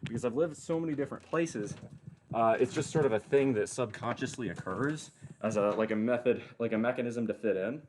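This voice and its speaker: A man's voice: mid-range voice, brisk, darkish tone, a little hiss or hum. A man with a mild Southern US accent chatting casually and profanely while training at the gym. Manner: rambling, profane, joking. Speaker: lifting vlogger. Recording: very echoey room, from far off.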